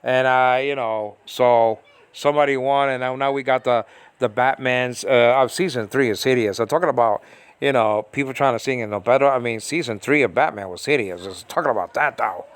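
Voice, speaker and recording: Recorded with no echo in a small room at home, this American man's voice is medium-pitched, clear and resonant, and fairly quick. He vents in an exasperated, repetitive monologue thick with fillers and restarts.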